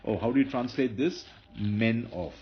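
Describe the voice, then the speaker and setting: A man's voice: medium pitch, moderate pace, gravelly, faint music behind. A man teaching a grammar lesson, explaining step by step with fillers and self-corrections. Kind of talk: lecture. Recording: dull lo-fi lecture recording with faint noise.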